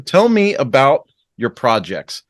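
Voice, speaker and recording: A man hosting a casual podcast interview, telling stories in a lively way and acting out other people's lines. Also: slow, no room sound, clean studio sound. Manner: animated storyteller, acts out dialogue with big pitch jumps. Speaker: podcast host.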